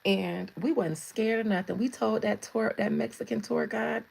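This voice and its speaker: A woman's voice: on the high side, steady tone, moderate pace, vocal fry, few pauses, darkish tone, husky, rough recording. A woman hosting a casual tarot livestream, chatting with viewers and laughing often. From United States. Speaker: tarot reader and livestream host.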